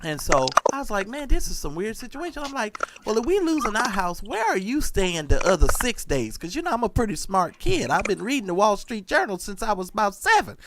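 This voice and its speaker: A man on an online call, casually telling stories in an animated, profane way and talking straight to listeners. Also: high voice, a little fast, few pauses, heavy background noise. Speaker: show co-host. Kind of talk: casual storytelling chat.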